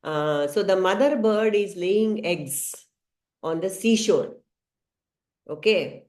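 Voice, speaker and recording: A woman teaching a scripture study class, telling a story gently with some hesitant fillers. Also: mid-range voice, animated, slow pace. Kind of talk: storytelling lesson. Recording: roomy echo.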